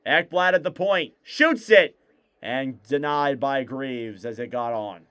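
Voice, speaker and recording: A man calling live hockey play-by-play on a fan stream, in rapid clipped play calls that rise on shots. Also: medium pitch, a bit bright, clean tone. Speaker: play-by-play commentator.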